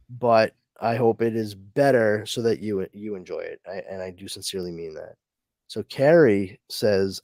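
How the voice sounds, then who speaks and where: This podcast host has a lowish, slightly mellow voice, captured in a dry, clean studio recording. In a relaxed chat he reads out comments from listeners, rambling along with plenty of fillers and restarts.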